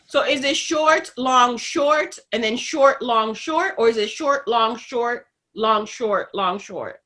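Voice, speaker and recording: Playful woman co-host, bright tone, unhurried. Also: fairly high pitch. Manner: teasing, playful asides. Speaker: cross-stitch podcast co-host. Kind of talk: casual chat.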